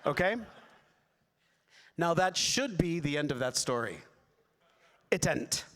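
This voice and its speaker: A middle-aged man, a voice actor on a convention panel, telling rambling, excitable stories to the audience with many restarts and asides. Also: fairly high pitch, measured pace. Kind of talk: animated storytelling on a convention stage. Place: large convention hall. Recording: echoey hall with long reverb.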